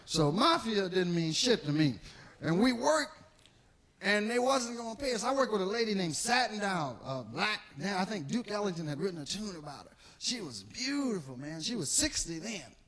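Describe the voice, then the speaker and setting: Lively, high-voiced stand-up comedian. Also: male voice, normal speed. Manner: animated, profane, acts out characters. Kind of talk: stand-up storytelling.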